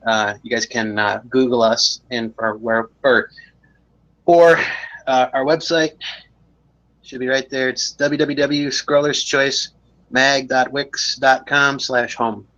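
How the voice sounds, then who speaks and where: A man joins a live stream over a video call, hesitant and filler-heavy yet good-humoured. His voice is bright and forceful, and the audio is dull and lo-fi. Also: medium pitch, flat delivery, takes it slowly. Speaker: guest. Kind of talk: casual live-stream chat.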